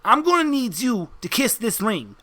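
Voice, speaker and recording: A brash mobster henchman, as a man puts him on in a bright, high voice that leaps around. He talks tough street talk and calls everyone son, theatrical and pushy. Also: very animated, moderate pace, exaggerated voice.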